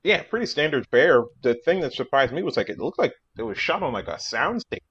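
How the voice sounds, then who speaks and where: A comedian guest on a podcast, joking playfully in casual chat. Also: male voice, mid-range voice, fairly quick, breathy edge, dull audio. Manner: animated, playful, riffs on jokes.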